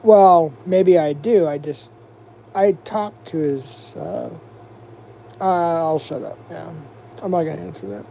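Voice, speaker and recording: Man from the US, livestream host, casual profane rant, rambling, mellow tone. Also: a little high, slow pace, gravelly, a little hiss or hum. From United States.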